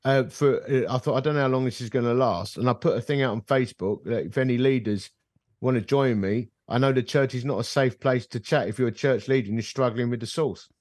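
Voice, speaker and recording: A man's voice: mid-range voice, fast, dry recording. Man telling a story, dry close sound. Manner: animated storyteller who acts out dialogue. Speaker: podcast guest, ministry leader. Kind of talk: storytelling in casual conversation. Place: bar.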